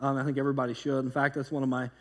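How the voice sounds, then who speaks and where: A pastor preaching a sermon in a loose, conversational way, telling stories with lively energy and frequent restarts. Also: male voice, medium pitch, very fast, long reverb tail. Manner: conversational, animated storytelling with repeated restarts.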